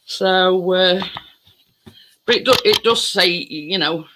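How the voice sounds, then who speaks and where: A man's voice: high-pitched, slow pace, noisy background. A man chatting in a rambling, easily distracted way as he bakes in his home kitchen. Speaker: home baking vlogger. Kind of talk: casual chat while baking.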